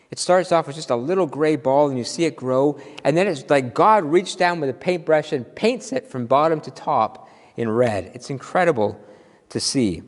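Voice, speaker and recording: A man preaching a sermon as minister, playful and animated, drawing out his exclamations slowly for effect. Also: fairly high pitch. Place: church sanctuary. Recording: long hall reverb.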